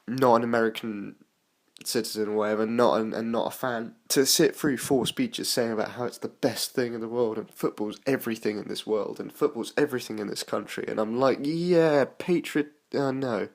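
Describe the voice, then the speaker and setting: A young man from the United Kingdom giving a casual spoken film review, rambling with frequent fillers and restarts. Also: mid-range voice.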